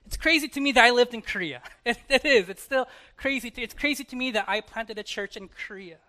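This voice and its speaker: A pastor giving a personal testimony from the pulpit, with a bright, clear tone. The delivery is conversational. It often sinks to an intimate hush, then lifts into louder, laughing asides. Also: mid-range voice, fast talker.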